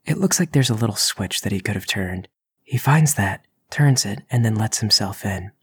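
A man narrating as game master in a tabletop game, telling the story steadily with soft asides. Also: fairly low pitch, lively intonation, normal speed, husky, dry recording.

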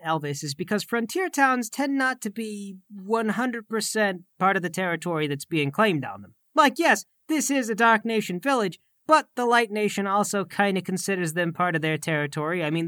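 A man's voice: high voice, bright, forceful tone, no room sound, studio quality. A man playing a tabletop game in character, earnest and chatty with rambling explanations. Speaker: player.

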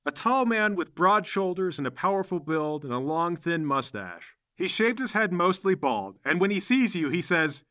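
Brief: man running a tabletop game, higher, bright voice, dry close sound. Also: normal speed, few pauses, no room sound. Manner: lively, comic narration. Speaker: game master.

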